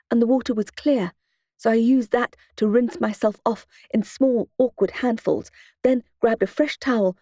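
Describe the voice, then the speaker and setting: Mellow woman narrating an audiobook. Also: on the high side, dry recording, studio quality. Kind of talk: first-person audiobook narration.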